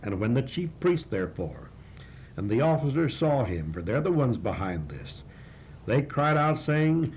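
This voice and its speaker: A man's voice: sing-song, normal speed, darkish tone. A man preaching a sermon, retelling a scripture passage and reading from it with comments and rising emphasis. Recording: dull lo-fi recording with faint hiss and rumble.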